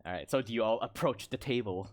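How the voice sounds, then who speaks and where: A man's voice: mid-range voice, fast. A man narrating a tabletop game as game master, in a casual, rambling way with many fillers.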